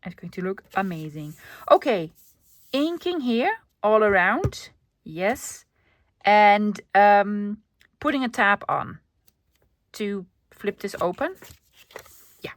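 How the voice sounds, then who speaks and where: Dutch woman, crafting host, casual self-narration, soft asides, mid pitch. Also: big pitch swings, slow pace, long pauses, dry recording. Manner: chatty, self-narrating, often drops to a soft whisper.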